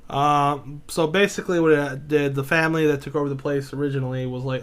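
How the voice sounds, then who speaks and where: A man talking casually on a podcast, retelling a story in a loose, rambling way. He swears often and leans on filler words. His pitch stays fairly flat throughout. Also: quick pace, few pauses, clear, resonant tone. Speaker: podcast co-host. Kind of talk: casual chat.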